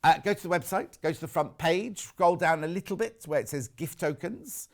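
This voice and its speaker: British male shopping-channel host, slightly high voice, chatty and informal, reads viewer messages. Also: lively intonation, moderate pace. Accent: British English. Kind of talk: live TV sales chat.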